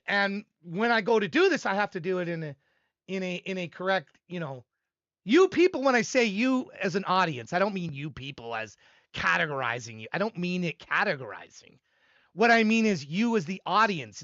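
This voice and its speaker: A man's voice: high-pitched, lively intonation, normal speed, bright, forceful tone, no echo, highs cut off. An older man hosting a live stream, rambling and self-deprecating, laughing often as he talks to his chat. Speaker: livestream host reviewing music submissions. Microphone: desk microphone.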